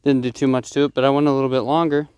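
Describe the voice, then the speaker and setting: A man casually explaining a DIY job as he works outdoors, rough-spoken, swearing freely and joking at his own expense. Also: mid-range voice, flat delivery, rapid-fire, a little mellow, dry recording. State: out of breath at times. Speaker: DIY vlogger. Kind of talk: casual how-to narration while working outdoors. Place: outdoors at a digging site.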